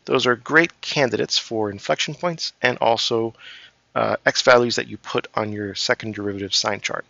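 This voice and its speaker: A man's voice: medium pitch, moderate pace, gravelly, sharp tone, dry recording. A man, a math professor, giving a recorded calculus lecture and explaining step by step with frequent "um" and "right?" asides. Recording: dry, slightly dull lo-fi recording.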